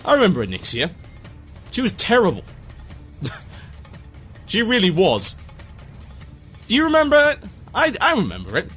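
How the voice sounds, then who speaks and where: A man hosting a gaming podcast who rants with theatrical sarcasm, his voice bright and wildly animated. He sits a touch above the usual male pitch and swings hard between highs and lows. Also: moderate pace, long pauses, soft background music. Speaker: podcast host. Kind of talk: comedic gaming podcast rant.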